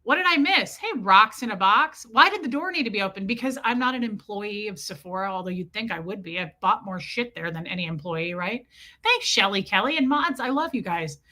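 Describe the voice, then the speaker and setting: A woman's voice: mid-range voice, lively intonation, fairly quick, bright, forceful tone. A woman hosting a casual livestream, telling a frank, crude comic story and greeting viewers by name between beats. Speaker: livestream host chatting with viewers.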